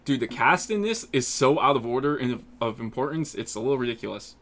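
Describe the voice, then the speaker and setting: A man's voice: medium pitch, animated, fast talker, a bit bright. A man co-hosting a podcast, reading out film facts in an offhand, casual way. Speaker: podcast co-host. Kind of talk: casual group banter.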